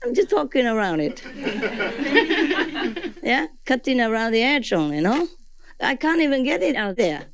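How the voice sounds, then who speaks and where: A woman teaching a gathering in a loose, chatty way, laughing often and tagging her sentences with questions, in non-native English phrasing. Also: medium pitch. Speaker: spiritual teacher. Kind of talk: informal spiritual talk to a gathering.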